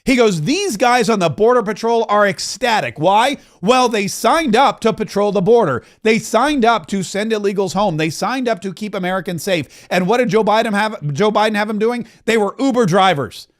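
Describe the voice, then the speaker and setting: A man's voice: high voice, lively intonation, normal speed, hardly any pauses. A man hosting a podcast, giving impassioned political commentary full of repetition and restarts. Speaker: podcast host.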